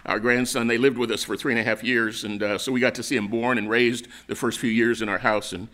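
An older American pastor preaches in a relaxed, storytelling style, his bright, forward voice at medium pitch, level in tone and fairly quick. He often pauses to restart a phrase or drop in a filler.

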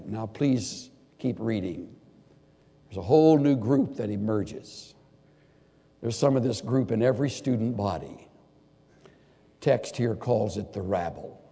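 An older man preaches a sermon with a gravelly edge to his voice. He shifts between animated outbursts and hushed, earnest passages. A long reverb hangs on his words in a large hall. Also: lowish voice. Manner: expressive preaching, loud bursts, quiet earnest asides.

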